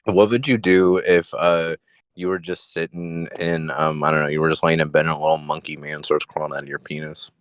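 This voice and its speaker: A young man co-hosting a comedy podcast from his parked car, halting and full of ums as he pitches odd scenarios. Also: flat delivery, dry recording. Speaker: podcast co-host. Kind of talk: casual comedy chat.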